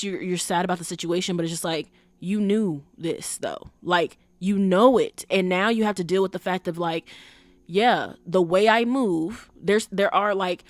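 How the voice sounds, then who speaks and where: A woman hosting a podcast, talking in an animated, emphatic casual way with rhetorical questions and lots of fillers. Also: on the low side, no room sound. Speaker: podcast host. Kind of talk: casual commentary.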